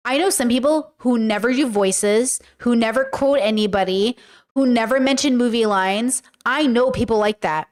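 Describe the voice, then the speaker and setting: A woman host giving casual commentary as she reacts to viewer comments, rambling and animated, with lots of fillers and playful mimicked voices. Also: on the high side, normal speed. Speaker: YouTuber and podcast host.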